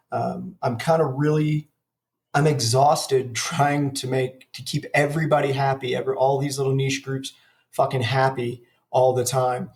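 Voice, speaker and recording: A man in his forties, a podcast co-host, talking in a profane, ranting casual chat. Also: mid-range voice. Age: 40s.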